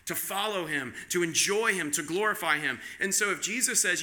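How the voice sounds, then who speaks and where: A man's voice: high voice, animated, moderate pace, few pauses, bright, forceful tone. A man preaching a sermon, earnest, with rhetorical questions and frequent restarts. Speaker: pastor.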